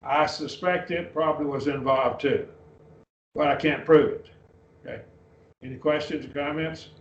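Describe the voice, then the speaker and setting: A man leads a Bible class, talking through each point and checking in with his students. His voice sits a little high and reaches the mic from a distance. The room is echoey and the recording sounds dull and muffled. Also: steady tone, moderate pace. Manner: explanatory, checks with "okay?". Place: church classroom.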